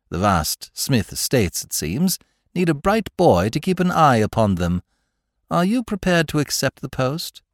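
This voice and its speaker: A suave young gentleman with an airy drawl, spinning long, elaborate formal phrases, as a male narrator puts him on. His pitch rises and falls freely, and the recording is close and dry. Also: dry recording.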